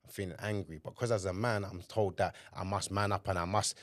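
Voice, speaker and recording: A man's voice: low voice, fairly even intonation, a little fast, no room sound, studio quality. A man co-hosting a podcast, talking frankly in slang and acting out his own inner voice. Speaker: podcast co-host. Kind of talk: candid conversation.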